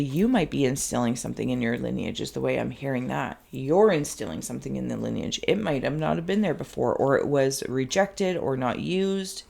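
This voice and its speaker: A woman's voice: very deep voice, vocal fry, darkish tone. A woman giving an intuitive card reading, meandering and searching for words, her throat phlegmy. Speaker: tarot card reader.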